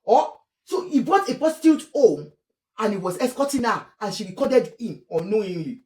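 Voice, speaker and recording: A Nigerian woman giving animated, scolding commentary on celebrity gossip, slipping between English, Yoruba and Pidgin. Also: mid-range voice, normal speed, reverberant. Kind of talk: casual commentary vlog.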